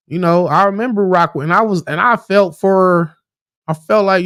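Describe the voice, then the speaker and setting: A man giving casual livestream commentary on battle rap, animated and profane, often restarting his words and acting out quoted arguments. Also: high-pitched, moderate pace, dry recording, studio quality. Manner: acts out quoted arguments in a raised voice.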